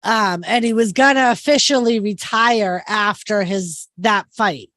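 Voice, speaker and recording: A woman's voice: mid-range voice, measured pace, fairly bright tone, dry recording. A woman in her thirties with a Boston accent, chatting casually on a livestream and telling stories. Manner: chatty storyteller, acts out quotes. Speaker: co-host.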